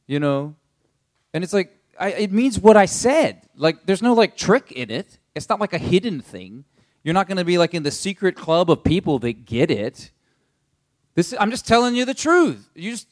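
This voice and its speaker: A young adult man pastor teaching a Bible passage in a casual, conversational way, paraphrasing with many fillers. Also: fairly high pitch.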